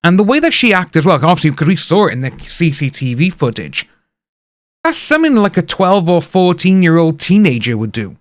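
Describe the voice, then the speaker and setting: A man's voice: fairly high pitch, big pitch swings, brisk, no room sound. A British man giving rambling casual commentary and acting out what others said. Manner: chatty, rambling, acts out quotes. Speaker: reaction video host.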